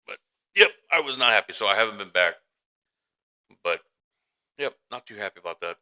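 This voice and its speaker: A man's voice: fairly low pitch, lively intonation, moderate pace, sharp tone, clear, resonant tone, rough recording. A man co-hosting a casual podcast who tells a rambling story as a worried father, with many restarts and acted-out quotes. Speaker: podcast co-host. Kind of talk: casual chat.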